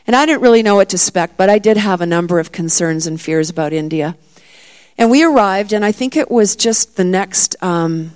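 A woman's voice: lowish voice, darkish tone. A middle-aged woman preaching a sermon, telling the story vividly and acting out the disciples' words with rising emphasis.

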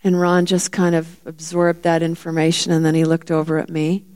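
A woman's voice: low voice, completely flat delivery, moderate pace, a little mellow, smooth. Woman preacher, middle-aged, storytelling sermon, acts out voices with growing emphasis. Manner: storytelling, acts out the disciples' lines with rising emphasis.

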